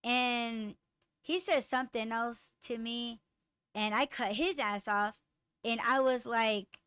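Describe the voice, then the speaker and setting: Young adult woman podcast host, casual and profane storyteller, slightly high voice, dry close sound. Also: takes it slowly, clean tone, dry recording. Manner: profane, animated, lots of fillers and quoted dialogue.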